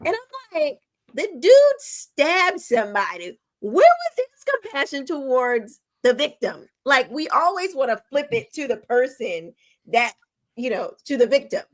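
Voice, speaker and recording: A woman's voice: high-pitched, big pitch swings, unhurried. A woman co-hosting a casual panel podcast, ranting indignantly and quoting others sarcastically. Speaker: podcast co-host.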